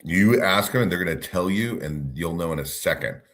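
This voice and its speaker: A man's voice: low voice, expressive, normal speed, a bit bright. A man co-hosting a casual chat show, upbeat and rambling. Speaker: co-host.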